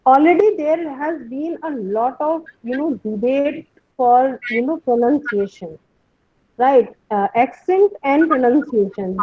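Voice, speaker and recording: A woman's voice: high-pitched, slightly rough, no echo. A woman giving a webinar lecture and answering questions, explaining patiently, often repeating words and checking in with "right?". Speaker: guest speaker. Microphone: video call. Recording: dull, dry webinar audio.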